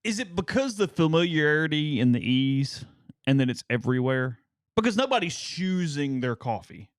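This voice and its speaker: Animated man co-host, dry close sound. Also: on the high side, clear, resonant tone, no echo. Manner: conversational, halting restarts. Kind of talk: casual sports talk chat.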